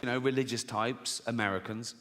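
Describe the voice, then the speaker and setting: A man's voice: medium pitch, fairly even intonation, brisk. A middle-aged man doing a stand-up comedy set, sardonic and sweary, laughing at his own jokes. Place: large theatre stage. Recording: live hall reverb, faint noise.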